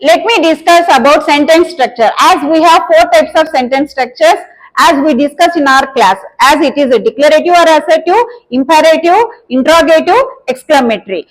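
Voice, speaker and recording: A woman teacher with an Indian English accent and a very high voice walks students through exam topics. She defines each term in turn, often with "nothing but", in a steady explanatory lecture. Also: brisk, poor audio.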